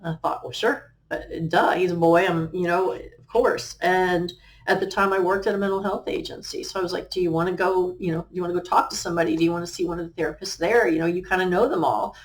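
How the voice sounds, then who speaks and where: A middle-aged woman, a life coach, sharing her personal story on a talk show in an earnest, halting way, with many fillers and restarts. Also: fairly low pitch, steady tone. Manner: quotes remembered conversations.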